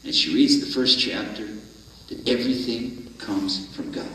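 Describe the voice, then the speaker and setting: A man's voice: lowish voice, unhurried, a bit bright, a little hiss or hum. A man, a rabbi, giving a storytelling sermon and acting out the voices of the people in his story. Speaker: rabbi lecturing. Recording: echoey hall, mic far off.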